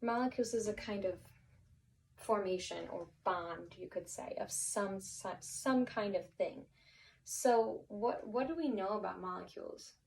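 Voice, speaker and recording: A woman's voice: medium pitch, measured pace, gravelly, darkish tone, distant mic, a little hiss or hum, poor audio. A woman teacher walking a class through vocabulary in an encouraging way, thinking aloud and often restarting her sentences. Her voice sits in a middle register and is picked up from a little way off the mic.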